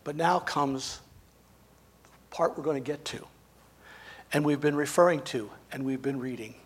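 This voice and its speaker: Husky, high-voiced male preacher. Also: unhurried. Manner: dramatic, swings between emphatic and hushed. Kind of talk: sermon.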